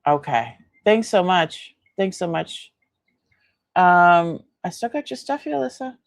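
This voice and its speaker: A woman's voice: fairly low pitch, sing-song, measured pace, creaky, no room sound, studio quality. A tired woman hosting a casual live-stream unboxing, chatting and rambling about her items and laughing often. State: tired, yawning. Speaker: host selling antiques in a live sale.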